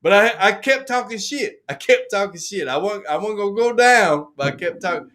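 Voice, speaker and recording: High-voiced Southern man, rowdy. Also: expressive, normal speed. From Alabama. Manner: loud, laughing, hyped-up interjections. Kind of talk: casual chat.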